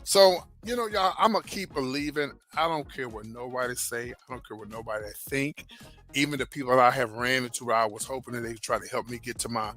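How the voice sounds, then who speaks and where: A man's voice: mid-range voice, steady tone, fairly quick, sharp tone, faint music behind. A man hosting an entertainment gossip show, chatting casually and animatedly with viewers, calling them baby and child. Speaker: host of a celebrity gossip channel.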